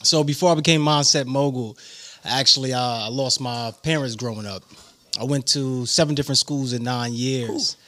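A man from New York with a New York accent, a guest telling his life story in an animated way. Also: mid-range voice, moderate pace. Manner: animated storyteller, acts out quotes. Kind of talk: casual interview storytelling.

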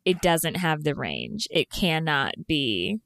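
A woman's voice: deep voice, big pitch swings, slow, fairly bright tone, no echo, clean studio sound. A woman co-hosting a casual podcast, playful and opinionated. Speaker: podcast co-host. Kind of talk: casual chat.

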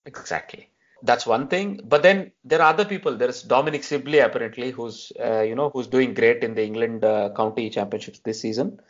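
A man hosting a casual podcast chat who picks through team selections in a measured, analytical way and keeps asking "right?". His voice sits in a medium register. The audio is dull and lo-fi. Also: medium pitch. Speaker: podcast host. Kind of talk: casual cricket discussion.

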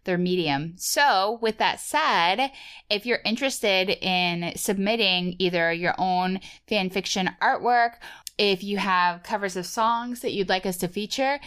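A woman co-hosting a podcast in casual chat, playful and quick to laugh. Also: mid-range voice, fairly bright tone, clear, resonant tone. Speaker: podcast co-host.

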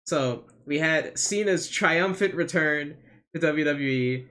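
Guy on a podcast rambling, ums and likes, kinda higher voice. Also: takes it slowly, sharp tone. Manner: rambling, hesitant, many fillers. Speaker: podcast co-host. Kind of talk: casual wrestling recap chat.

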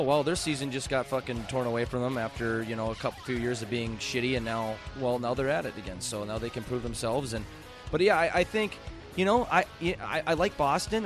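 A man with a mid-range voice hosts a relaxed, profane podcast conversation, chuckling often and tossing out questions. Faint music sits under his voice. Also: mid-range voice. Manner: loose, profane, laughs easily. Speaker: podcast host. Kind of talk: casual podcast chat.

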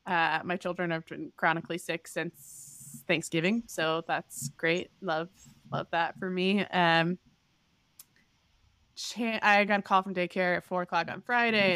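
Animated storytelling woman, dry close mic. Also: unhurried, clear, resonant tone, dry recording. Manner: animated storyteller, acts out voices with big pitch jumps. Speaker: podcast co-host. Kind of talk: casual chat, storytelling.

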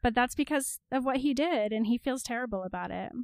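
A woman's voice: on the high side, brisk, clear, resonant tone, dry recording, studio quality. A woman co-hosting a casual book chat, reacting with emphatic exclamations and frequent laughter. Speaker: podcast co-host.

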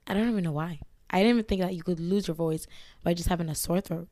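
Hoarse young woman, lowish voice, rambling casual podcast chat, dry close sound. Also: fast talker, mellow, no room sound. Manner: rambling, lots of "like" fillers. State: hoarse, lost voice from illness. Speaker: podcast host. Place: indoors, filmed for a video podcast.

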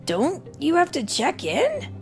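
Storybook read-aloud: a woman voices a jokey young superhero, pitched way up, loud and lively. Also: slow, faint music behind, exaggerated voice. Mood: friendly. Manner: bright, teasing quips. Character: young male superhero, wisecracking and upbeat.

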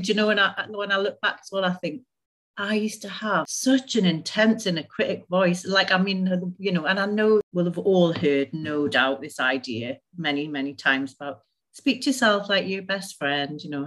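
A woman, an author talking casually as a podcast guest and laughing often. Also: fairly low pitch. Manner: chatty, warm, laughs often. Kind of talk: casual interview conversation.

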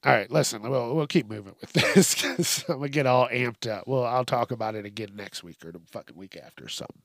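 A man's voice: medium pitch, fast talker, few pauses, a bit bright, no echo, clean studio sound. A man hosting a podcast, ranting with heated, sweary sarcasm. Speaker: podcast host. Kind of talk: profane comedic rant.

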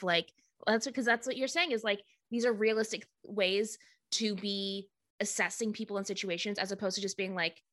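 A woman co-hosting a podcast in casual chat, talking in quick restarts and laughing easily. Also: mid-range voice, fairly bright tone, no echo, studio quality. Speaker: podcast co-host.

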